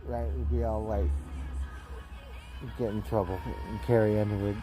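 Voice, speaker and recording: A man's voice: on the low side, steady tone, moderate pace, over music, low-quality recording. A man hosting a casual livestream, rambling playfully and tagging his lines with "right?". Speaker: livestream host. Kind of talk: casual live-stream chat.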